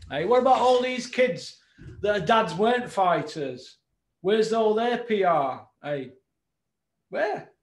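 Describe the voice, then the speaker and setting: A high-voiced man rants about the sport in a roomy, echoing space. He fires off mocking rhetorical questions, drops to a grumbling mutter and then bursts into shouting. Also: slight background noise. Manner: swings from muttering low to shouting. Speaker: boxing channel host. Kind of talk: ranting commentary to camera. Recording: roomy echo.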